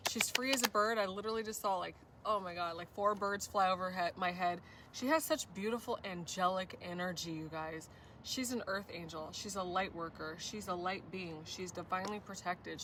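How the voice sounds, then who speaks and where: A woman's voice: medium pitch, distant mic, noisy background. A woman giving a spiritual tarot reading, gushing and effusive, often addressing viewers as "you guys". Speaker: tarot reader.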